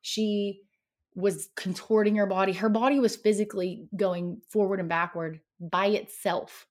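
A woman's voice: mid-range voice, steady tone, a little slow, darkish tone. A woman guest on a podcast, telling a personal paranormal story in a dramatic, vivid way.

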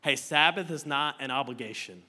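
A man's voice: mid-range voice, a little fast, sharp tone. A man preaching a sermon as a pastor, conversational and playful, with joking asides to the congregation. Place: church auditorium with slides. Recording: long hall reverb.

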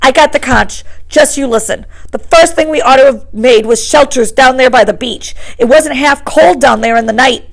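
A woman reading aloud and voicing an anxious, indignant plump schoolboy who scolds in a shrill, breathless way. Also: moderate pace, creaky, fairly bright tone.

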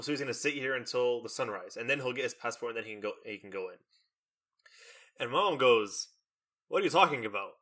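A young man telling a long story in casual chat, animated and full of fillers, acting out the lines of the people in it. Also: mid-range voice. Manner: animated storytelling with many fillers and acted-out quotes.

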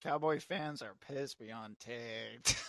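A man hosting a casual sports podcast, telling stories in an animated way and laughing often. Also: mid-range voice, slow pace. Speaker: podcast host. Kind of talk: casual chat.

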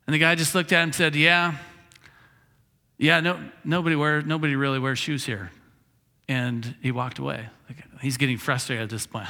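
Male pastor, sermon storytelling, casual, chuckles, bright voice, reverberant church hall. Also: on the high side, moderate pace. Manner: casual, chuckling, acts out characters' lines. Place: church sanctuary.

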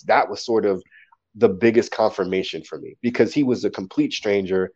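A man, a poet, telling stories casually in an interview, animated and acting out quotes. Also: on the low side, normal speed, slightly rough, lo-fi sound.

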